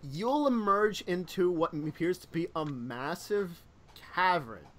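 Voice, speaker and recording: Brief: male game master, rambling narration full of fillers, a bit high voice. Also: expressive, slow, a bit bright. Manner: rambling, lots of fillers and self-corrections.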